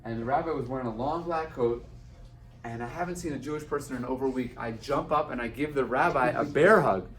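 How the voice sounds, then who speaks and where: Speaking a little fast at a medium pitch, a man recounts a personal story in an event hall, acting out the dialogue of its characters with animation. He's some distance from the microphone in an echoey room, so the audio sounds open.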